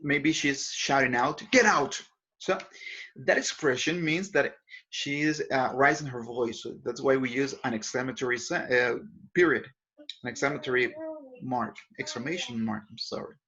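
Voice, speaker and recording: A man's voice: medium pitch, moderate pace, a bit bright, highs cut off. A man teaching English grammar in a recorded lesson. He explains patiently and often corrects himself mid-sentence.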